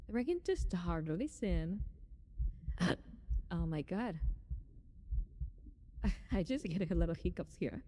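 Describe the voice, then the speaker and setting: A young woman hosts a casual live stream and talks to her chat in an unhurried, drawn-out way. Her voice sits a little low and sounds warm and mellow. She giggles often and greets viewers as they come in. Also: a little hiss or hum.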